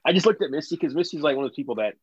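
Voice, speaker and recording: A man's voice: fairly high pitch, rapid-fire, slightly rough, dry recording. A man co-hosting a podcast, chatting casually with frequent swearing. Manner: profane, animated, laughs a lot. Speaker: podcast co-host. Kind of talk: casual chat. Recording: dull lo-fi mic.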